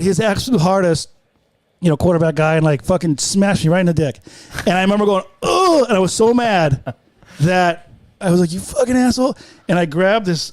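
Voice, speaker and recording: A man's voice: high-pitched, darkish tone, dry recording. A man, a guest comedian, telling rambling, profane stories on a podcast and acting out the voices of the people in them. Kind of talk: casual podcast storytelling. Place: podcast studio.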